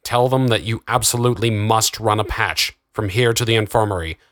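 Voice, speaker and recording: A stern male doctor who gives curt, clipped orders, as a male narrator plays him. The voice sits low and sounds dry and close. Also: fairly quick, fairly bright tone, no echo, natural voice. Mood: commanding. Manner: curt, commanding.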